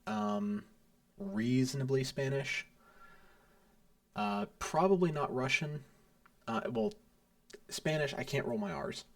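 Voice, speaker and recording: A man's voice: a little high, vocal fry, far from the mic. A man giving casual commentary over a strategy game, rambling, thinking aloud and grumbling about the interface. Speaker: strategy game let's player.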